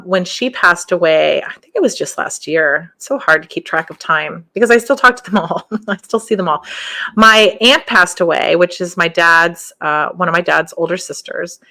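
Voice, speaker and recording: A woman hosting a podcast, talking casually through her stories with frequent laughs and rambling asides, her voice jumping higher whenever she quotes someone. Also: moderate pace, sharp tone. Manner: jumps up in pitch when quoting others. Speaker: podcast host. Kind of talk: casual spiritual monologue.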